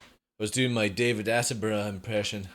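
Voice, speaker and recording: A man's voice: lowish voice, steady tone, a little fast, a bit bright. A man streaming live from home, chatting casually with viewers and swearing now and then.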